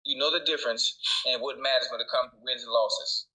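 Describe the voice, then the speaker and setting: Bright, folksy male co-host. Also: mid-range voice, steady tone, brisk, rough recording. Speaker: sports show co-host. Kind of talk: sports debate talk.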